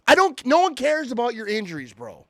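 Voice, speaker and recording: Male podcast host, heated fan rant, high and swinging pitch, dry close sound, stammers on restarts. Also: huge pitch swings, fairly quick, pushed and bright, no room sound. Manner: fired-up, irritated, stammering restarts. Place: home at night. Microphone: podcast mic.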